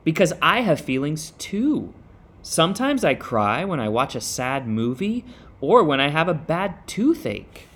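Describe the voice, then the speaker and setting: A man voicing a gentle, patient mother rabbit in a storybook. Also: on the high side, big pitch swings, measured pace, husky, voice pushed up, full character voice. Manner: gentle, soothing.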